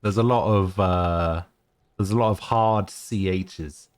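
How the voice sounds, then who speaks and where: Man, live game streamer, very deep voice, casual chat, joking. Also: takes it slowly, no echo. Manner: joking, self-mocking, laughs often.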